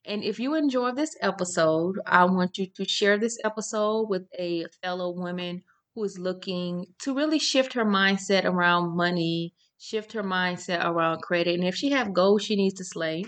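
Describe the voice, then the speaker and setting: A woman's voice: lowish voice, fairly bright tone. A woman in her thirties hosting a casual solo podcast, chatty and informal, often repeating her words for emphasis. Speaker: podcast host.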